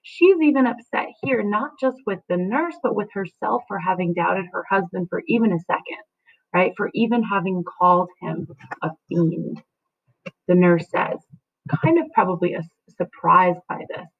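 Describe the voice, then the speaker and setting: A woman's voice: on the low side, moderate pace. Woman teacher with a tinny sound. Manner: explanatory, checking in with frequent "right?" and "okay?". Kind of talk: classroom lecture explaining a play.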